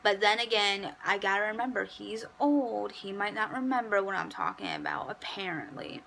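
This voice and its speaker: A woman's voice: medium pitch, sing-song, normal speed, gravelly, fairly bright tone, slight background noise, poor audio. A young adult woman in a casual storytime, telling a petty workplace story in a chatty, sassy way. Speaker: vlogger.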